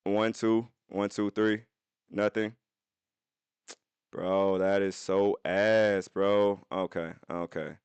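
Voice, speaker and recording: A young man talks to his live chat from his phone, his voice sitting on the low side. He tells the story loosely and animatedly, swearing freely and leaping into high-pitched voices. The sound is dry and close, with no room around it. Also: level tone, slow pace, darkish tone, clean tone, no echo. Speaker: streamer.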